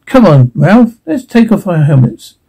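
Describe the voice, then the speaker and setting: A man's voice: high voice, very animated, measured pace, vocal fry, mellow, husky, heavily acted, low-quality recording. A man voicing a matter-of-fact woman scientist in a radio play reading. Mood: calm. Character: calm female scientist in a helmet.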